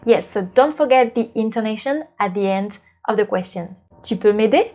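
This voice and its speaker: A woman from France hosting a language lesson, explaining patiently and clearly. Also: medium pitch, normal speed, dark tone. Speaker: French teacher and channel host. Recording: light background music.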